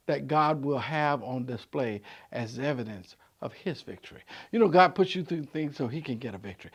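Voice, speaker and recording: A man in his sixties, a pastor giving a vlog sermon, conversational with stammered restarts, swinging from loud emphatic peaks to soft low asides. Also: lively intonation, moderate pace, hardly any pauses, breathy edge.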